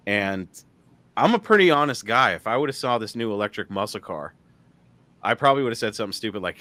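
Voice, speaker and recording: A man's voice: mid-range voice, lively intonation, fast talker, fairly bright tone, dry recording. A man hosting a casual live-stream chat, rambling with lots of fillers and frequent laughter. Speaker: host.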